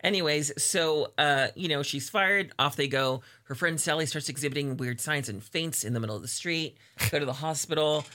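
A man's voice: a little high, moderate pace, bright, forceful tone. A man co-hosting a podcast, casually retelling a film's scenes and acting out the characters' lines. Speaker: podcast co-host. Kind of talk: casual movie recap chat.

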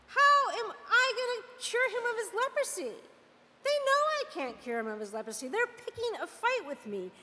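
A woman's voice: extremely high pitch, lively intonation, normal speed, few pauses, bright, forceful tone, a little hiss or hum, pitched above the performer's own voice, heavily acted. A woman doing a frantic panicking king. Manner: frantic, indignant outbursts.

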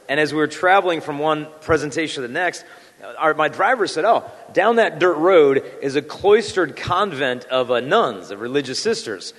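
A man's voice: on the high side, a bit bright. Guy in his 30s giving a catholic talk, chatty, lots of ums and restarts, long hall echo. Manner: conversational and self-deprecating with fillers and restarts. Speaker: Catholic speaker. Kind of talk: prayer then a talk to a church audience.

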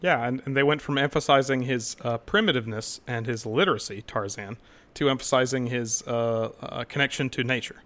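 A man's voice: medium pitch, fairly quick, few pauses, fairly bright tone. A man on a casual podcast panel, talking in an opinionated, digressive and eager way.

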